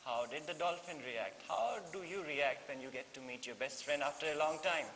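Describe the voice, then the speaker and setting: A man with an Indian English accent teaching a story lesson, animated and repeating things, mixing in Hindi phrases. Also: fairly high pitch, normal speed. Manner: animated, mixes in Hindi, many fillers and repeats. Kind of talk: classroom lesson explaining a story. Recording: echoey room with faint hiss.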